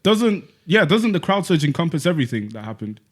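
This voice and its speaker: A young man argues and teases in a casual podcast chat. His voice sits a little high and swings widely in pitch as he makes his case. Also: sing-song, fairly quick. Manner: argumentative, teasing. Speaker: podcast co-host.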